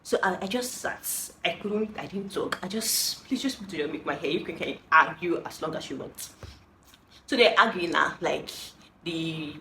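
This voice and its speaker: A woman tells a story in a casual storytime vlog. Her voice sits a bit low, animated and exasperated. The recording is roomy and echoey, with a faint hiss behind her. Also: normal speed. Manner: animated, exasperated, laughs between lines. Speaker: vlogger telling a story. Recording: roomy echo with faint noise.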